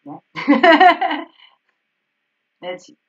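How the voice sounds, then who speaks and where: A woman piano teacher explaining harmony exercises in an online group lesson, checking in with frequent "yes?" and soft laughs. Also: very high-pitched, sing-song, very slow. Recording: slightly dull, distant online call audio.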